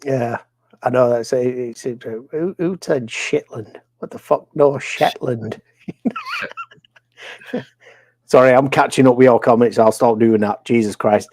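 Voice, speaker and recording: A man's voice: medium pitch, huge pitch swings, a little slow, long pauses, darkish tone, no room sound. Rambling man with a Yorkshire accent. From England. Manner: rambling, with frequent fillers, restarts and swearing. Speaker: guest on a live stream. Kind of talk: casual conversation.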